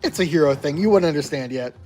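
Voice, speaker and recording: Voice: mid-range voice, expressive, fast, darkish tone, faint music behind, close to an everyday voice. Sonic, as a reader puts him on, a cocky hedgehog. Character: boastful cartoon hedgehog hero, cocky and quick. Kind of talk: reading a gamebook aloud in character.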